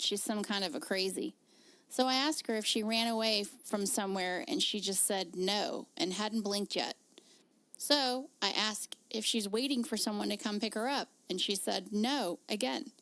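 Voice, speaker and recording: A woman's voice: medium pitch, a bit bright, no room sound. A woman co-hosting a casual podcast, reading a listener's story aloud with giggly asides. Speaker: podcast co-host.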